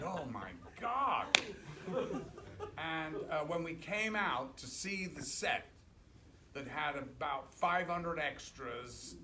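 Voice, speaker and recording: Lively older man telling stories, laughing. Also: a little high. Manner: animated, laughing through his stories. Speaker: guest actor on a film panel. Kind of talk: anecdotal storytelling at a screening Q&A. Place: cinema auditorium. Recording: loud background noise and clicks.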